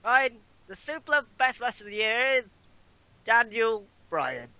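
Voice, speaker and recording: A British man with a bright voice that rises and falls a lot. He co-hosts a podcast in casual chat and is blunt, swearing freely. The recording is dry. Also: very high voice, sing-song, unhurried, no room sound. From Britain. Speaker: podcast co-host.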